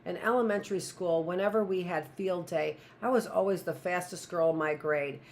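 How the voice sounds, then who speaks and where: A woman's voice: fairly low pitch, steady tone, moderate pace, slight background noise. A woman teacher reading a novel aloud in a plain, first-person storytelling voice.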